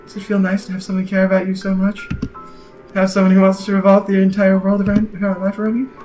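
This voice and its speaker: A man reading the lines of a soft-spoken, obsessive, lovesick young woman from a game, in a hushed, intense voice. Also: high voice, completely flat delivery, fast talker, soft background music, natural voice. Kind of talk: reading game dialogue aloud.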